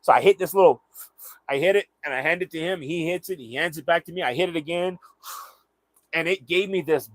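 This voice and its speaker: A man's voice: a little high, a little fast, dry recording. A young man from the American South telling a casual, rambling story, often repeating words as he goes. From Southern United States. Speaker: vlogger.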